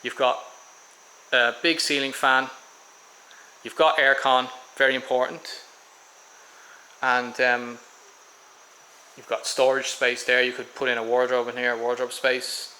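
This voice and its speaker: A man's voice: mid-range voice, level tone, a little slow, long pauses, bright, forceful tone, smooth, poor audio. An Irish man casually showing viewers around a house for sale, rambling a bit with ums and restarts as he walks from room to room. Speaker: vlogger giving a property tour. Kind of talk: casual walking house tour. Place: in and around a house on a tropical island.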